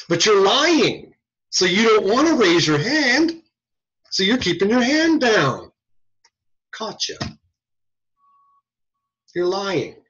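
Lively high-voiced guy teaching a class, keeps quizzing the room, kinda muffled lo-fi sound. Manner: animated, rhetorical questions to students. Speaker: audiology lecturer. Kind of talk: classroom lecture. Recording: muffled lo-fi lecture recording.

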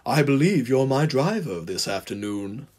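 A man's voice: mid-range voice, normal speed, mellow, lightly acted. A man voicing a sly, scheming male diesel engine who oozes oily, ingratiating charm in a fan audiobook.

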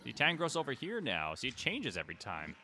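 A man hosting a gaming channel, giving chatty play-along commentary, talking to the creatures on screen and breaking into excited exclamations. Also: medium pitch, a little fast.

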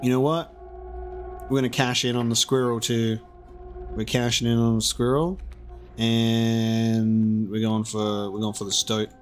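A man giving casual, chatty let's-play commentary, thinking out loud and poking fun at himself. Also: mid-range voice, flat delivery, unhurried. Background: game music.

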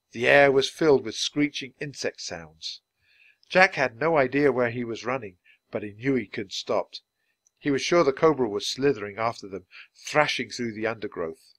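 A man reading a children's book aloud, at a steady, clearly paced speed for language learners. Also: medium pitch, moderate pace, no room sound. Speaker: storybook reader.

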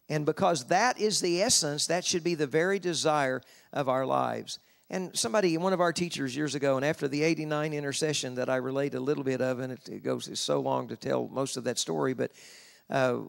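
A man preaching a sermon at a convention, slowing down for scripture and rising in pitch to stress his points. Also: creaky. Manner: slows down to read scripture, rises in pitch for emphasis. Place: convention hall.

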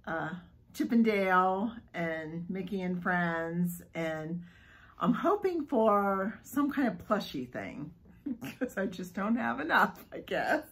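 Slow, breathy woman gushing over an unboxing. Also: medium pitch, rough recording. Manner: gushing, excitable, giggly. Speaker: vlogger unboxing a subscription box. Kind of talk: casual unboxing vlog.

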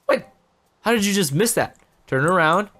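A man hosting a gaming channel, giving excitable gameplay commentary straight to his viewers. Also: high-pitched, normal speed, faint music behind.

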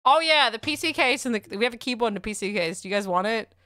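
Australian woman streamer, high, bright voice, swings all over, rambling and sweary. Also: fast, no room sound, clean studio sound. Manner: rambling, excitable, swears often, talks to chat. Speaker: livestreamer. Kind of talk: casual livestream chat.

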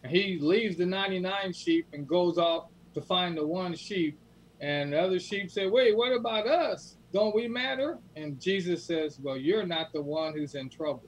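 A man's voice: fairly high pitch, moderate pace, poor audio. A man on a chat panel, earnestly explaining his view with a story.

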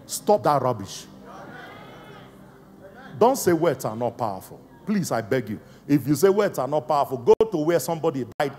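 A man preaching a live Pentecostal sermon as apostle, emphatic, calling out questions to the congregation and swinging between shouts and hushed, slow emphasis. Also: medium pitch, slight background noise. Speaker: apostle and senior pastor. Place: large church auditorium. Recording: live church hall reverb with faint music.

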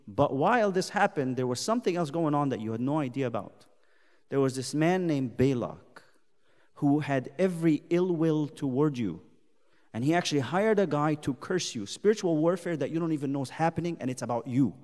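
A man's voice: a little high, animated, brisk, a little mellow. A man teaching a youth Bible study as a sermon, impassioned, firing rhetorical questions and speaking God's pleas in first person. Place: church hall. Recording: long hall reverb.

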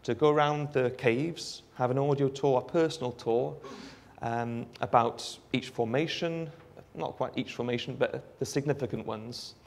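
A Welsh man giving a live demonstration of a phone app, explaining in a relaxed way with frequent ums. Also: medium pitch, normal speed, creaky, slight background noise. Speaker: app developer giving a presentation. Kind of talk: live product demo talk.

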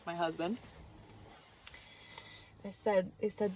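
A woman, a mother, telling a long personal story in a casual vlog and acting out the voices she quotes, swinging from hushed to loud. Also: lowish voice, fairly quick, long pauses, highs cut off. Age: adult with children. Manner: animated, acts out quotes with big swings in loudness. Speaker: vlogger recounting a retreat.

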